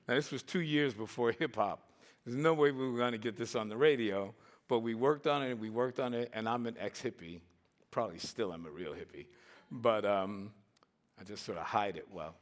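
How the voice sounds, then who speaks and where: A man in his sixties telling stories on a conference stage in a lively way, acting out the voices and laughing often. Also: fairly low pitch, moderate pace. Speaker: conference speaker. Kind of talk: storytelling talk.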